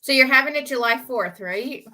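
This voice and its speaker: A woman's voice: high voice, animated, normal speed, bright, forceful tone. Giggly teasing woman, Southern US accent. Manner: giggly, teasing, laughs often. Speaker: co-host. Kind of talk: casual chat on a live video show.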